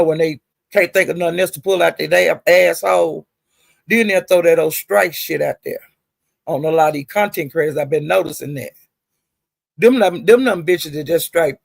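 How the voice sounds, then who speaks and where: A woman's voice: fairly low pitch, creaky, no room sound. A woman live streamer in a casual, rambling rant, swearing freely and greeting viewers in the chat.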